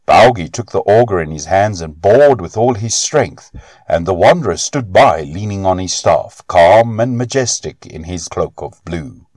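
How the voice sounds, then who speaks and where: A man narrating a storybook tale in an expressive, unhurried reading. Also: low-pitched, no room sound, clean studio sound.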